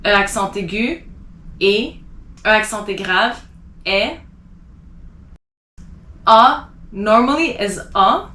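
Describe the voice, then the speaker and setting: A woman teaching an online French lesson, explaining accent marks and repeating sounds slowly and carefully for her students. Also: a little high, pushed and bright. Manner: slow, careful pronunciation drills. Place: Los Angeles. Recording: echoey room.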